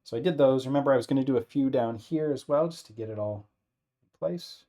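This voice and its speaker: A man explains a hands-on task as he does it, relaxed and conversational. He thinks aloud and often checks in with a quick "right?". His voice sits at a plain middle pitch. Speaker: instructor. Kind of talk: casual hands-on demonstration. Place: workbench with an air filter running.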